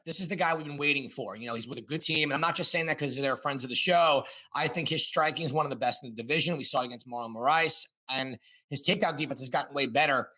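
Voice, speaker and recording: A man co-hosting a sports podcast, chatty and quick with his fight analysis. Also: a little high, bright, forceful tone. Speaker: podcast co-host. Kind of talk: casual sports podcast chat.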